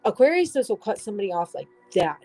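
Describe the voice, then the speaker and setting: A woman's voice: medium pitch, big pitch swings, fast talker, dark tone, faint music behind, poor audio. A woman giving a casual tarot reading, rambling and restarting, swearing now and then. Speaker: tarot reader.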